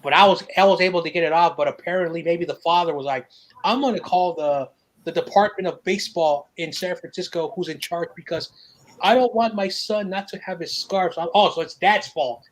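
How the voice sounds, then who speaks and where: A man hosting a casual chat, telling stories in an animated, profane way and laughing often. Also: sits high, a little fast, rough recording. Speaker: podcast host.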